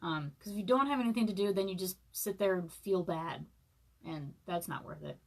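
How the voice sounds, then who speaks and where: A woman's voice: fairly low pitch, fairly quick, creaky. Hungover woman, thirties, rambling casual chat, self-deprecating, book reading on a live stream. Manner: chatty and self-deprecating, many fillers, laughs often. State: hungover, eating saltines and sipping broth.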